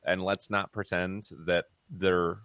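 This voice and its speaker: A man's voice: sits low, little pitch movement, slow pace, a bit bright, clear, resonant tone, no room sound. A man co-hosting a music podcast, talking casually and rambling with fillers and restarts. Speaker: podcast co-host. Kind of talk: casual music review chat.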